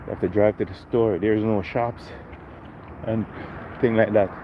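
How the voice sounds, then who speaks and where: A man's voice: fairly low pitch, steady tone, unhurried, muffled recording, noisy background. A man hosting a casual live walking vlog on a residential street, chatting with viewers and greeting them by name. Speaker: livestream host.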